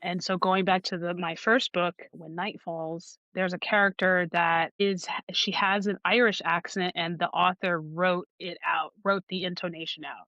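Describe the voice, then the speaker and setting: Bright-voiced woman audiobook narrator. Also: on the low side, flat delivery, no echo, highs cut off. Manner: thoughtful, halting with restarts. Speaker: audiobook narrator and podcast guest. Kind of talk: conversational interview.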